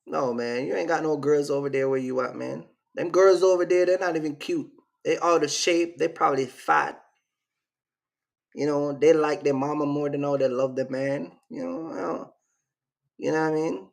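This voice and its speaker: A man's voice: fairly high pitch, moderate pace, gravelly. A man from Jamaica with a Jamaican accent, hosting a casual livestream in a rambling, slangy way and reacting to his live chat. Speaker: channel host.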